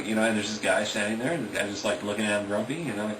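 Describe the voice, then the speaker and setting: A young man with a low voice rambles through his own fantasy plot, stringing it together with fillers and quick bits of character voices. He sits away from the mic in an echoey room, with steady background noise. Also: far from the mic. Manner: rambling, full of "you know" and "like", acts out the characters. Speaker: amateur author retelling his story. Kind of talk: casual spoken storytelling.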